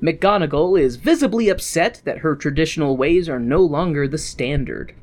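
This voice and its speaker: A podcast host casually recapping a film, animated and a bit profane. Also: medium pitch, moderate pace. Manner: animated, profane, laughs often.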